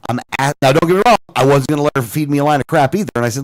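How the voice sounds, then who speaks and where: A man's voice: medium pitch, rapid-fire. A man co-hosting a radio talk show, animatedly retelling a phone call with many restarts and quoted lines. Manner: animated storyteller, lots of restarts and quoted dialogue.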